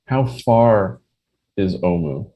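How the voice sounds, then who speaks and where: A man playing a tabletop game, asking careful, deliberate questions. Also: deep voice, animated, dull audio. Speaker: player. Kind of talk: tabletop game play, casual.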